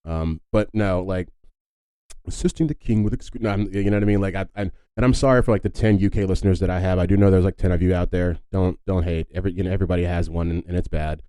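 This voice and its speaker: A man's voice: sits low, steady tone, quick pace, few pauses, dark tone, clear, resonant tone, no room sound, poor audio. A man hosting a casual solo podcast, rambling with lots of fillers and wry joking asides. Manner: rambling and filler-heavy, often adds "if you will". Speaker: podcast host.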